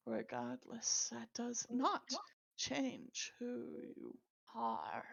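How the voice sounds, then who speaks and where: A many-eyed male shopkeeper who speaks in a flat, formal, mechanical manner, as a woman puts him on for a tabletop game. The voice is gravelly and slow-paced, and it comes through a dull, lo-fi stream recording. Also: fairly high pitch, exaggerated voice. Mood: stiff. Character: stiff male clockwork shopkeeper with many eyes.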